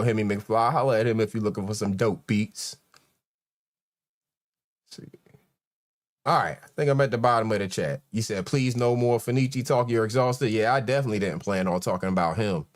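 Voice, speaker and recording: A man's voice: mid-range voice, moderate pace. Host, man, 40s, laid-back live-stream chat, greets viewers by name.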